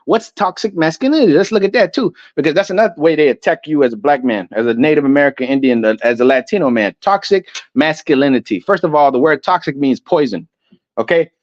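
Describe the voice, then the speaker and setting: Loud ranting man, dull lo-fi sound. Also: fairly high pitch, quick pace, dry recording. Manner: loud, emphatic and profane, stammers with repeated words. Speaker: online commentator. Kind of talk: ranting commentary reading definitions aloud.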